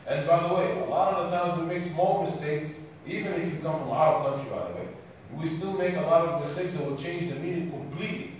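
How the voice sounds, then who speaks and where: Camp speaker, male, from Sudan, higher-pitched, echoey hall recorded from afar. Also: brisk, a little hiss or hum. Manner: engaging, asks audience questions. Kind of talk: religious talk to youth. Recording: echoey hall, distant mic.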